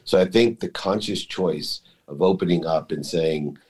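Deep-voiced middle-aged male guest, confessional and emotional storyteller. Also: unhurried, a little mellow, husky. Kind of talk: personal storytelling in interview.

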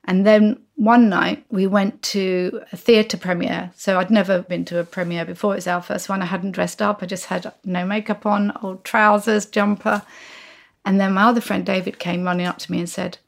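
A woman in her sixties talks as a podcast guest, recounting anecdotes. She slips into the voices of the people in her stories, and her mid-pitched voice carries a touch of vocal fry. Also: normal speed. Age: 60s. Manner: lively, acts out quoted voices in her stories. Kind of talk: anecdotal storytelling.

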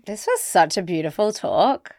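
A woman in her thirties hosts a candid podcast, earnest and full of enthusiasm. Her voice sits at an ordinary pitch, and the recording is dry and close. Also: sing-song, moderate pace, a little mellow, no echo. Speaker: podcast host.

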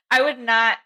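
A lively woman on a podcast, chatting as a guest. Her voice is bright and swoops freely up and down, and she laughs readily as she jokes. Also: fairly high pitch. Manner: giggly, animated and quick to joke. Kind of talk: casual podcast chat.

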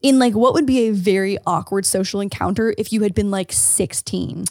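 A woman's voice: mid-range voice, normal speed, dry recording, studio quality. A young woman, co-hosting a podcast in casual chat and telling stories with lots of fillers. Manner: animated storyteller, many fillers. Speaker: podcast co-host.

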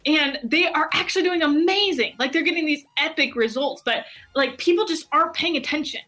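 Woman, high voice, bright and sharp, excitable storytelling, guest on a chat show. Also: brisk. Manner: excitable, heavy use of "like". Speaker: guest entrepreneur. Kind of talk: animated storytelling.

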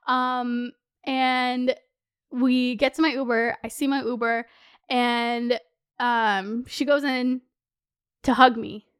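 A young adult woman telling a dating storytime on her vlog, animated and profane, swinging between laughter and near-tears. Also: high-pitched, moderate pace, smooth. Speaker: vlogger.

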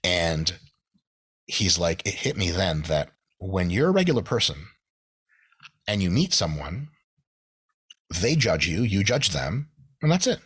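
Animated profane man, husky low voice. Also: unhurried, long pauses. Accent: American. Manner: animated, profane, acts out quotes in shifted voices. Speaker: podcast guest. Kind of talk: casual storytelling.

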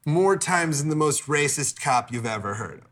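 Bright-voiced man making wry asides. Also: a little high, animated, normal speed. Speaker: guest. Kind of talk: casual banter.

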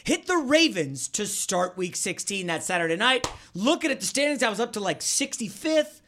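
Man, podcast host, excitable storyteller, swooping lively pitch, bright tone. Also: moderate pace, a little hiss or hum. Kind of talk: sports betting podcast chat.

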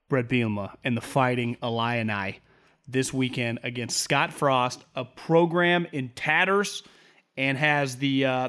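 A man's voice: a little high, clean tone. Rambling man on a sports podcast. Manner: rambling, profane, animated. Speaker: podcast co-host. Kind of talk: casual sports podcast chat.

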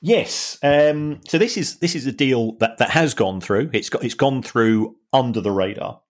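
A man co-hosting a podcast, analysing in a wry, halting way with many restarts. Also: medium pitch, lively intonation. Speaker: podcast co-host and finance analyst. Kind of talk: casual podcast chat.

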